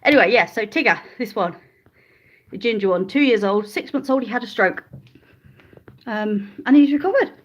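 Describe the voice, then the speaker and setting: Chatting on a phone live stream indoors in her rented house's living room, this vlogger wanders off topic while talking to viewers and calling her dogs. Her slightly high voice has lively intonation, a moderate pace, and frequent pauses. The highs are cut off; the phone is handheld before moving to a stand.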